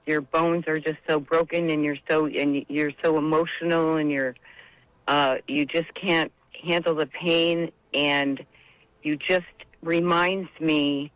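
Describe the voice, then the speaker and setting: A woman's voice: low-pitched, steady tone, takes it slowly, no room sound, poor audio. A woman calling in to a religious radio show, speaking emotionally and rambling about grief and faith over the phone. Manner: heartfelt, tearful, rambling. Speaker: caller. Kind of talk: emotional call-in testimony.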